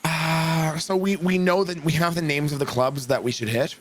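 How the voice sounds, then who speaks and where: A man's voice: a little high, steady tone, moderate pace, music in the background. Easygoing, hesitant male player. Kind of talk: casual tabletop game chat.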